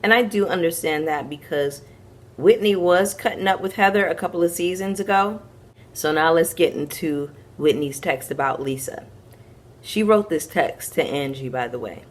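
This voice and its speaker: A woman's voice: low voice, moderate pace. A woman hosting a casual reality TV recap, frank and sassy with slangy asides to her viewers.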